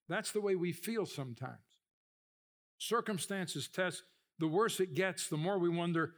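High-voiced, animated preaching man. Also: normal speed. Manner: animated storytelling, acts out voices, rises in pitch and volume for emphasis. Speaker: pastor. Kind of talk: sermon.

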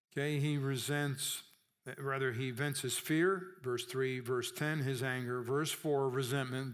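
A man's voice: medium pitch, fairly bright tone. A man preaching a sermon in a conversational way, often checking in with his listeners and acting out the voices he quotes.

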